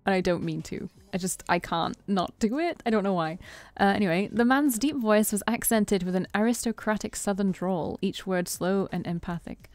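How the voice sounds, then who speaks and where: A woman streamer reading a visual novel aloud in an expressive voice, stopping for chatty, self-deprecating asides. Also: medium pitch, normal speed, dry recording, faint music behind. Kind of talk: reading game text aloud with casual asides.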